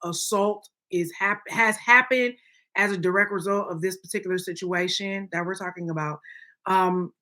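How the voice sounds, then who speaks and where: A woman's voice: mid-range voice, steady tone, moderate pace, pushed and bright. A woman co-hosting a podcast, giving her opinions emphatically and often checking in with "okay?". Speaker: podcast co-host. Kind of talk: opinionated casual chat.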